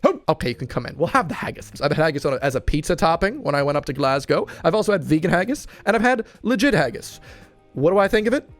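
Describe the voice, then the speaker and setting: A young man from the United States giving casual, playful tier-list commentary on food, with joking asides and quick self-corrections. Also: a little high, expressive, dry recording, soft background music. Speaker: food vlogger ranking dishes.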